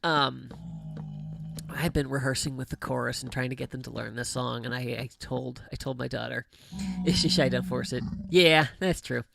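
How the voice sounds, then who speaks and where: Gravelly-voiced guy rambling on his stream, laughing a lot, faint hiss behind. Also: mid-range voice, fairly even intonation, moderate pace. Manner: chatty storyteller, frequent laughs and restarts. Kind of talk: casual livestream chat.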